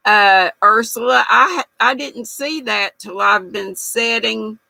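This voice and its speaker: An older woman talks in a slow, unhurried way, chatting folksily with her livestream viewers. Her voice is gravelly but bright. The sound is dry and close. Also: a little high, no echo, rough recording. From United States. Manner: chatty, folksy, reads viewer comments aloud. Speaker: livestream host reading chat. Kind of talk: casual chat.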